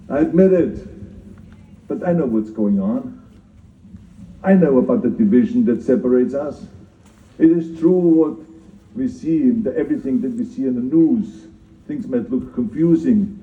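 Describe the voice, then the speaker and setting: A man's voice: medium pitch, unhurried, long pauses, mellow, slight background noise. An older man with a German accent gives an emphatic public speech, repeating his key phrases and joking at his own expense. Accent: German-speaking. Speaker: keynote speaker at a citizenship ceremony. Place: outdoor ceremony. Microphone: speaker's mic filmed from the audience. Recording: distant, echoey, dull audience phone recording.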